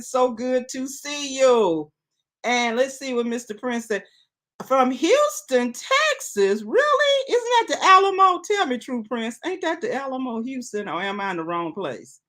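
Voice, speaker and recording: Middle-aged woman, host of a live online talk show; casual, chatty, slightly high pitch, greets viewers as she reads their comments.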